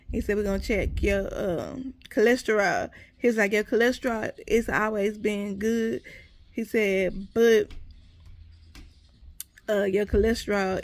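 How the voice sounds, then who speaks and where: Speaking to her viewers as "y'all," a woman tells a lively, casual story and acts out other people's lines. Her voice is a little high, in a dry recording.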